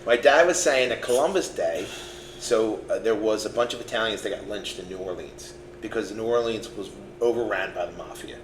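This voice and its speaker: A man's voice: on the low side, a little fast. A man co-hosting a casual podcast, telling a story in a playful, chatty way and acting out the quotes. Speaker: podcast co-host. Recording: roomy with faint noise.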